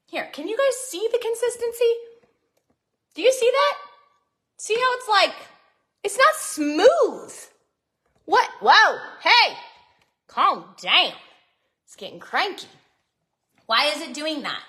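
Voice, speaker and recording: Woman cooking-vlog host, high bright voice that swoops around, self-mocking, echoey kitchen. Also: big pitch swings, a little slow, pauses often. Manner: chatty, self-mocking, dramatic pleas for help. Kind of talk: casual kitchen chat to viewers. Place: home kitchen.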